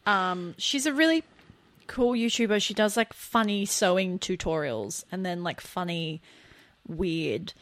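A woman's voice: on the low side, lively intonation, unhurried, no room sound. A young Australian woman co-hosting a podcast, chatting casually with a self-deprecating, lightly sweary manner. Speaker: podcast co-host. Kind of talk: casual chat.

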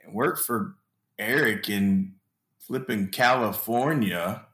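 A man's voice: lowish voice, slow, a bit bright, reverberant. A man talking casually as a guest, often repeating words as he searches for them. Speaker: sales trainee guest. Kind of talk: casual chat.

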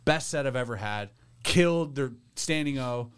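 A man's voice: mid-range voice, normal speed, clear, resonant tone. A male comedian on a casual podcast, riffing loosely with plenty of swearing.

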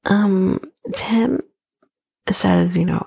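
A woman hosting a podcast, recapping a reality show in a blunt, sarcastic, swearing way, often slipping into a breathy near-whisper. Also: on the low side, slow, pauses often, a little mellow, no room sound. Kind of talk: casual recap monologue.

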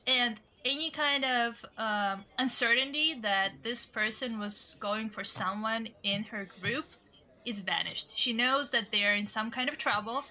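A woman with a clear, bright, fairly high voice describes her character's moves in a tabletop game. She talks thoughtfully, pausing and filling gaps as she decides. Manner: thoughtful, with fillers and pauses.

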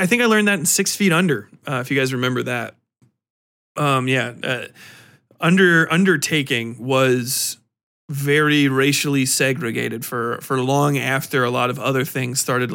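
Guy rambling about a book on his podcast, swears a ton, laughs a lot, bit high voice. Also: bright, forceful tone. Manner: profane, rambling, laughs often, acts out quotes. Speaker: podcast host. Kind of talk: casual book review chat.

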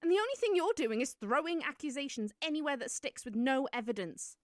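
A woman's voice: high voice, animated, brisk, no room sound, studio quality. An actress playing a desperate young woman searching for a missing friend, pleading and defiant.

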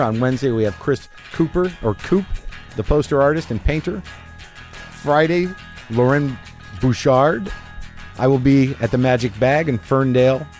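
A middle-aged man hosts a casual podcast chat, rambling and wry, often cutting himself off mid-thought. His voice sits at an ordinary pitch, and faint music plays behind him. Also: darkish tone. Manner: rambling, wry, self-interrupting. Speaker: podcast host. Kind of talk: casual conversation.

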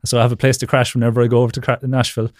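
A man's voice: mid-range voice, little pitch movement, racing, darkish tone, no echo, studio quality. A man as a guest on a video-call interview, rambling casually with lots of fillers and frequent laughs. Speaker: podcast guest.

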